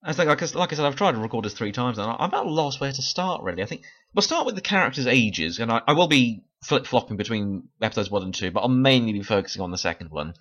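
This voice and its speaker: On dull-sounding audio, a weary man reviews a TV series in a chatty, unscripted ramble full of laughter and self-corrections. His voice sits in the mid-range, slightly bright, with quick pacing and lively intonation.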